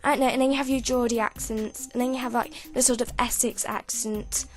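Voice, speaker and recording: A woman's voice: on the high side, fairly even intonation, fairly quick. A British woman chatting casually at her home computer during a game-building video, rambling and stumbling over her words with frequent giggles. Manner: rambling, self-interrupting, giggly. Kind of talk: casual gameplay commentary.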